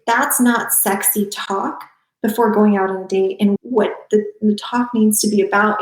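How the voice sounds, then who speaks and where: Woman podcast guest, slow measured delivery, a bit of fry, echoey room. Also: medium pitch. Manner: reflective, measured, repeats key phrases. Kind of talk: casual conversation.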